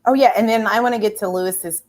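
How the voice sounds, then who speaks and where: A woman's voice: medium pitch, fast. A woman co-hosting a casual pop culture show, reading out viewer questions and talking animatedly, often checking in with "right?". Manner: animated, reads viewer questions aloud, frequent restarts and "right?". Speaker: co-host.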